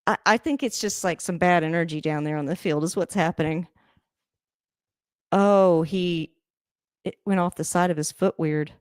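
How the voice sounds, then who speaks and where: A woman hosting a casual livestream reaction to a football game, chatty and rambling, laughing often and breaking into sudden excited outbursts. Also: fairly low pitch, normal speed, long pauses, clear, resonant tone, no room sound, clean studio sound. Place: home room, moving around the camera.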